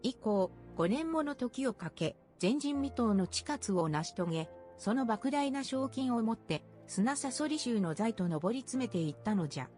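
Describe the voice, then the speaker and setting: A woman plays a young girl queen from a game, her higher voice running quickly through an old tale in stately, old-fashioned phrasing. The delivery is brisk yet regal, like a small monarch recalling the past. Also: animated, a little mellow, faint music behind, lightly acted. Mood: recounting. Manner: stately, archaic storytelling tone. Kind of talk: dubbed game cutscene narration.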